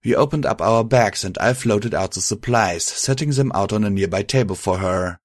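A man narrating a story audiobook in a steady, matter-of-fact reading. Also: fairly low pitch, normal speed, no room sound, studio quality. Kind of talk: audiobook narration of fan fiction.

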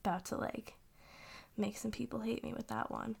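A woman's voice: fairly high pitch, steady tone, moderate pace, vocal fry, slightly rough. A young woman, an audio role-play creator, answering questions in a rambling, giggly casual chat. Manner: rambling and giggly, often trailing off with fillers.

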